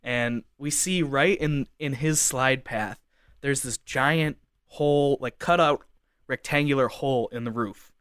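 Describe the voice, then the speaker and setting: A man's voice: mid-range voice, unhurried, a bit bright, clean tone, no echo, clean studio sound. A young man telling a casual story at length, rambling with lots of fillers like "like". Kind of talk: casual anecdote.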